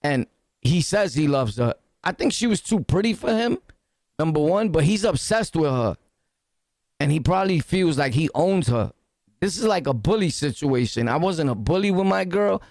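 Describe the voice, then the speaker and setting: Boastful Brooklyn man with a gravelly voice. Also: on the high side, expressive, normal speed, a little mellow, dry recording, clean studio sound. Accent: Brooklyn New York. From Brooklyn, New York. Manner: boastful, profane street slang, laughs a lot. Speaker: reaction commentator. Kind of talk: loud casual reaction rant.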